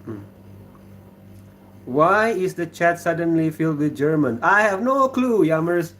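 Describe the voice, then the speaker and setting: A man from Indonesia with an Indonesian accent, hosting a casual livestream from his kitchen, talking in a relaxed, halting way and reading viewer comments aloud. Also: a little high. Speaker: livestream host.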